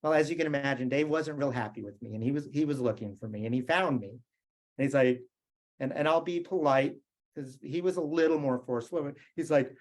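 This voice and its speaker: A man's voice: medium pitch, a little fast, a little mellow. A middle-aged man from the United States giving a motivational keynote, telling stories in a conversational way and asking the audience questions. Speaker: keynote speaker.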